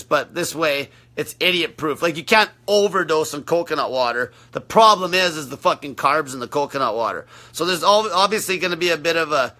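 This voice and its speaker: A man's voice: a little high, pushed and bright. A man coaching on a livestream, answering viewer questions in a brash, blunt, profane way.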